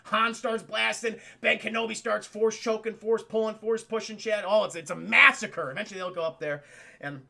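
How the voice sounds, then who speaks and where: Young male streamer, rambling profane retelling, high pitch, gravelly, bright. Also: steady tone, normal speed. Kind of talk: casual movie retelling to stream chat.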